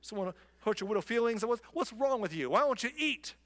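A man's voice: very high-pitched, animated, a little fast, fairly bright tone, in a large hall, pitched above the performer's own voice. A man doing a coddling mocking queen. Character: mocking, coddling queen talking down to her sulking husband.

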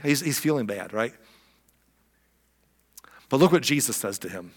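A man preaching a sermon as pastor, animated and conversational, with frequent exclamations, in a church sanctuary. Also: mid-range voice, measured pace, pauses often, breathy edge. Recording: long reverb of a large hall.

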